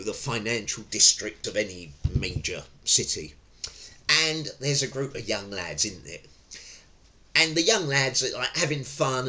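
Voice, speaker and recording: An older Englishman gives an informal lesson in a low, deep voice. His tone is bright and forceful. He wanders off on tangents and corrects himself as he goes. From London, England. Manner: chatty and digressive, with frequent fillers and self-corrections. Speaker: tai chi and self-defence instructor.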